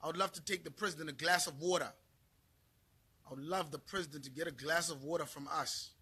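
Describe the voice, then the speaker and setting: A middle-aged man from Zimbabwe, profane and heated, repeating himself as he rants to camera in a vlog. His voice sits high for a man, bright and a little husky. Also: steady tone, a little fast. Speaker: vlogger. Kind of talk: angry rant to camera.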